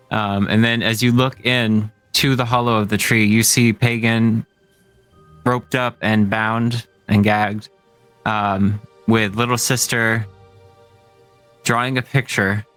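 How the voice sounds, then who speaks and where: Man, game master narrating a tabletop game, hesitant, fillers, lowish voice, faint music under. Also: a bit bright. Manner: hesitant, many fillers, laughs often.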